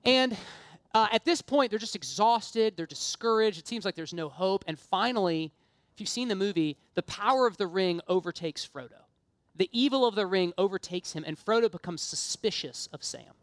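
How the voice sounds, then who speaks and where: A woman's voice: medium pitch, expressive, moderate pace, no room sound. A woman preaching a sermon, earnest and impassioned, mixing casual self-deprecating asides with emphatic appeals.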